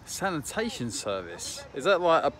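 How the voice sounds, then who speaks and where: A man's voice: fairly high pitch, big pitch swings, normal speed, background noise. Joking man vlogging outdoors. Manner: joking, laughing at his own lines. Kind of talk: casual vlog chat. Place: outdoors at a park and in a car.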